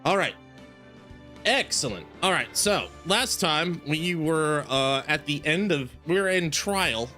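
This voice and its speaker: A man's voice: fairly high pitch, lively intonation, takes it slowly, bright, forceful tone, faint music behind. A man chatting casually on a game livestream, rambling and joking at his own expense while greeting viewers. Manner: rambling, jokey and self-deprecating, greets chat. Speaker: game streamer.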